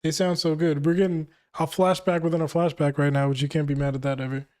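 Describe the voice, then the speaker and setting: A man's voice: fairly high pitch, fairly even intonation, quick pace, darkish tone. A young man hosting a casual manga reaction, reading the dialogue aloud and breaking off to joke and laugh.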